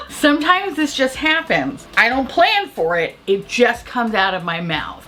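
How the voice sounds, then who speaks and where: A woman's voice: on the high side, animated, takes it slowly, pushed and bright. A woman chatting casually as a makeup vlogger, rambling, swearing freely and laughing often.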